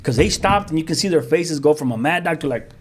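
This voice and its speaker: A man, a pastor telling his own story as a guest in lively, vivid storytelling with street slang and sound effects. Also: on the high side, fast talker, slightly rough. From South Central Los Angeles. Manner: frequent restarts, street slang. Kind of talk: animated storytelling.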